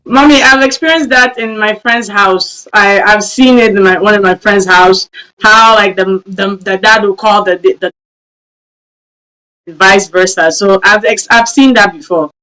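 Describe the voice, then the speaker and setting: A woman's voice: mid-range voice, unhurried, pushed and bright, rough recording. A young woman in a casual chat, speaking hesitantly and repeating words as she gathers her thoughts.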